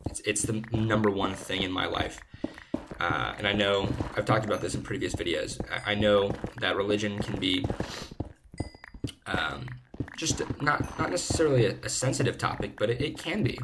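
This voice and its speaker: A young man talking casually over gameplay, earnest and rambling, often restarting his sentences and laughing softly at himself. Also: fairly low pitch, normal speed. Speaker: gaming video creator. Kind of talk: casual commentary while playing. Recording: steady background noise.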